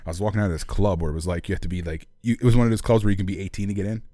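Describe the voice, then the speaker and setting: A man's voice: low-pitched, steady tone, very fast, mellow, no echo, studio quality. A man co-hosting a podcast, telling a story in casual chat, laughing and acting out the people he quotes. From Philadelphia area. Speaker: podcast co-host.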